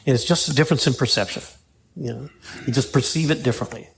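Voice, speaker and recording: A man's voice: medium pitch, fast, creaky. A man giving a recovery talk to a meeting, who tells stories, reads passages aloud and keeps checking in with "right?" and "you know?". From Pittsburgh. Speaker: AA speaker. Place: meeting room.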